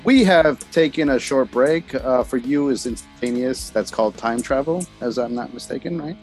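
A man's voice: mid-range voice, normal speed, a little mellow, faint music behind. Laid-back man hosting a podcast. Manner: laid-back, agreeable, swears casually. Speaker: podcast host. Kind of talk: casual chat.

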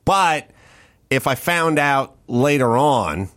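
A man hosting a relaxed podcast conversation, trading wry, deadpan jokes. His voice sits mid-range but moves in wide, animated swings. He lets a joke build slowly through a long setup. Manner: wry, deadpan joking with lively swings in pitch. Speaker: podcast host. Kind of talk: casual podcast chat.

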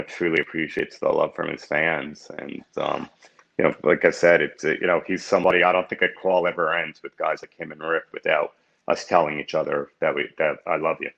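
A man in his fifties with a very low, gravelly voice tells stories in a casual podcast chat. He rambles warmly and restarts his sentences often. The recording sounds dull and lo-fi. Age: 50s. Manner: rambling, heartfelt, many restarts.

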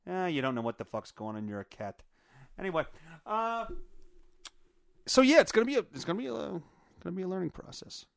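A man's voice: sits high, big pitch swings, a little fast, vocal fry, long pauses, fairly bright tone, dry recording, studio quality. A man hosting his own podcast from his home basement, chatting casually in a rambling, profane way with lots of filler words. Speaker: podcast host. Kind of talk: casual solo chat.

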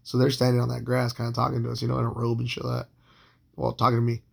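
A man's voice: medium pitch, monotone, rapid-fire, darkish tone. A man in his late thirties telling a long personal story in a casual, profane, rambling way, full of fillers and restarts. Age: 30s. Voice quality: gravelly, husky voice.

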